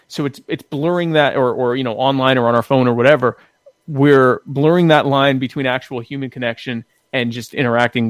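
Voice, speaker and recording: A man's voice: mid-range voice, no echo, studio quality. A man on a casual podcast, talking in an opinionated, emphatic way and often repeating words as he starts a point.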